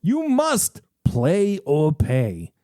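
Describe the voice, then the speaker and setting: A man voicing a menacing carnival barker with an exaggerated, badly done Brooklyn accent, drawing out his threats slowly. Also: a little high, wildly swooping pitch, dark tone, no echo, clean studio sound, heavily acted. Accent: put-on Brooklyn, badly done. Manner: slow, drawn-out threats.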